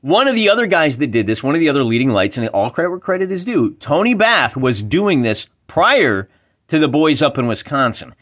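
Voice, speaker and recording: A man's voice: on the high side, very animated, brisk, fairly bright tone. A man hosting a wargaming video, talking casually and enthusiastically while reading rules aloud. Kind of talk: casual explanatory talk.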